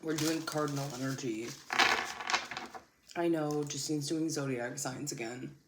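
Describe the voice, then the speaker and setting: A woman's voice: deep voice, fairly even intonation, a little slow. A young woman hosting a casual tarot reading, chatty and laughing often, with casual swearing. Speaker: tarot reader and channel host. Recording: echoey room with loud background noise.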